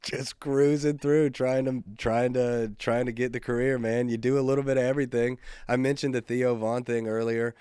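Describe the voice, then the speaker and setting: A man's voice: medium pitch, little pitch movement, moderate pace, few pauses, dark tone, clean tone, dry recording, studio quality. A male comedian hosting his own podcast, telling stories alone in a laid-back, rambling, profane, self-mocking way. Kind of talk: casual solo podcast storytelling.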